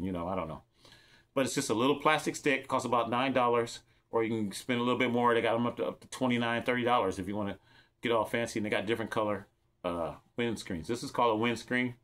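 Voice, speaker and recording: Casual gear vlogger, middle-aged man from California, rambling and repetitive, mid-pitched, chatting straight to camera. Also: a bit bright. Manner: rambling, repeats himself, talks straight to viewers. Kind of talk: casual show-and-tell demo.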